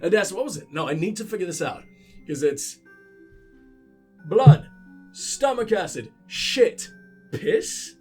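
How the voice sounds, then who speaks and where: A high-pitched man rambling through a video game with profane, sarcastic asides. His voice leaps all over the place, with faint music underneath. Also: very animated, slow pace, long pauses, a little mellow. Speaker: let's play host. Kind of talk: gaming commentary.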